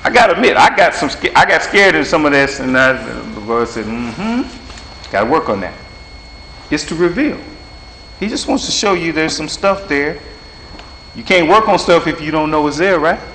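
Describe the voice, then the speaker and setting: Man preacher, folksy and plain-spoken, slightly high voice, echoey church hall, faint hum behind. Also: animated, normal speed, pushed and bright. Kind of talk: informal sermon and closing prayer.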